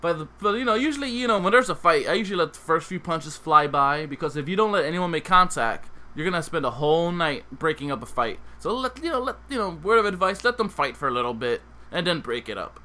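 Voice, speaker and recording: A young adult man hosting a podcast, telling a comic story in a lively, casual way and acting out the other characters. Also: on the high side, fast talker, few pauses. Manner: animated, acts out voices. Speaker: podcast host.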